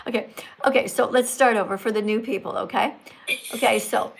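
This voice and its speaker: A woman with a fairly high voice hosts a livestream. She talks in a bossy, teacherly way and keeps correcting and instructing her guest. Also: a little fast, gravelly, background noise. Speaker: livestream host. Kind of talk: livestream chat.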